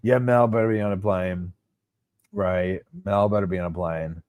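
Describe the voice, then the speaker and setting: A man's voice: low-pitched, moderate pace, dry recording. A man hosting a casual livestream, chatting with his viewers. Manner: chatty, animated, talks to viewers as y'all. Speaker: livestream host. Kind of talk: casual live chat with viewers.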